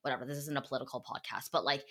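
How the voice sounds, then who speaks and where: A woman's voice: rumbling low, level tone, rapid-fire, pushed and bright. A woman hosting a podcast, chatting casually and gossiping, full of "like" fillers and swearing. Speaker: podcast host.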